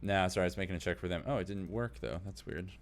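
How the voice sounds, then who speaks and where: A man's voice: sits low, fast, very noisy. A man narrating as game master of a tabletop game, describing scenes loosely with many fillers.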